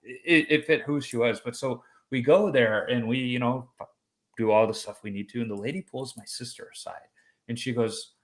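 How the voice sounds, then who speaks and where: A man hosting a podcast, telling a personal story in a lively conversational way and acting out the voices he quotes. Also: mid-range voice, normal speed. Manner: animated storyteller who acts out quoted voices. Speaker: podcast host.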